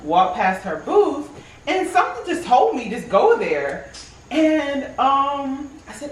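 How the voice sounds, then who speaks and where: A woman's voice: sits high, takes it slowly, a little hiss or hum. A woman from New York telling her own story in a group circle. She speaks emotionally and brings the story to life by acting out what she said back then. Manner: animated storytelling, acts out her own past remarks. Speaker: team member sharing her story. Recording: roomy, from a distance.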